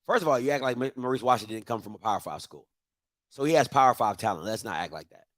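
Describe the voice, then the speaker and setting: A man hosting a live football watch party, reacting loudly and trash-talking the plays. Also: mid-range voice, quick pace, no echo, studio quality. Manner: loud, excitable, trash-talking.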